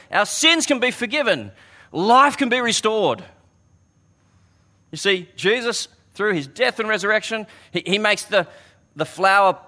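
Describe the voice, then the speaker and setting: A man's voice: on the high side, bright, forceful tone. A man preaching a sermon, earnest and conversational, often restarting his words as he tells a story.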